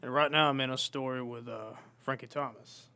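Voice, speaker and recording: A man co-hosting a casual podcast, speaking in a measured, easygoing way with frequent filler pauses. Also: medium pitch, fairly even intonation, creaky, bright, forceful tone, clear, resonant tone. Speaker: podcast co-host and indie wrestler. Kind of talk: casual chat.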